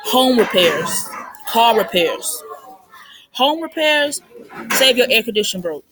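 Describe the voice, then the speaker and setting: Bright-voiced young woman chatting casually. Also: fairly high pitch, sing-song, a little slow. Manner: chatty, repeats points, fillers like "like" and "I mean". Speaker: parent giving money advice. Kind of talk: casual unscripted monologue. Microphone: phone recording.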